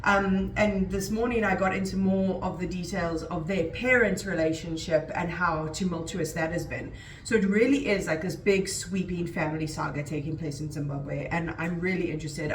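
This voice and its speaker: A woman's voice: fairly low pitch, normal speed, hardly any pauses, recorded from a distance, a little hiss or hum. Woman book vlogger, casual and chatty with a rambling delivery, recorded off-mic in a roomy space. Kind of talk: casual vlog chat.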